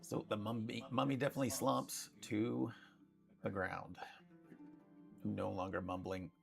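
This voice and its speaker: Man, game master, heavy vocal fry, slow unhurried narration, faint music behind. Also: fairly low pitch. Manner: relaxed, unhurried narration with hesitant fillers.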